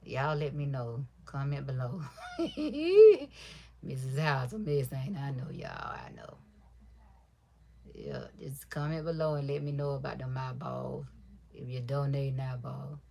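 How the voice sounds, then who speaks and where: A woman chatting casually to her livestream viewers while sewing, deliberately keeping her voice quiet and soft, calling them y'all and baby. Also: creaky. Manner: talks low and soft on purpose. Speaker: livestream crafter.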